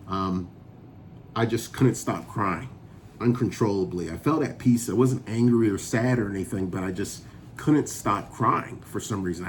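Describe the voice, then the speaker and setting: Low-voiced man casually telling his story. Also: a little hiss or hum. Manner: relaxed, chatty, laughs often while telling the story. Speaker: vlogger sharing a sobriety testimony.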